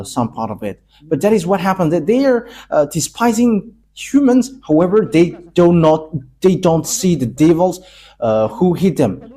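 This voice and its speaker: A man from Madagascar, preaching a sermon in emphatic, halting English with frequent pauses. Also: on the high side, warm tone.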